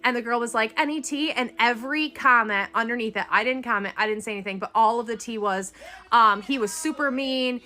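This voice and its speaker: A woman telling a dating story in casual storytime style, animated and indignant. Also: on the high side, fairly quick.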